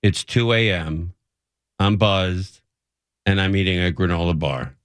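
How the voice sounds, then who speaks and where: A man's voice: low-pitched, measured pace, dry recording. A man hosting a radio show, telling a rambling, self-mocking story in casual chat and laughing often.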